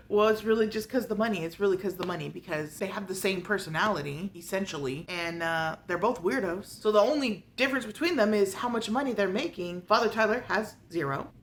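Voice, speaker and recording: A woman giving a casual, sarcastic book review and retelling the plot with animated asides. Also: mid-range voice, a little fast, hardly any pauses.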